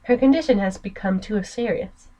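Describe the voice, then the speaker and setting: A woman's voice: mid-range voice, moderate pace, warm tone, lightly acted, low-quality recording. A woman voicing a stern, cold mother who speaks curtly.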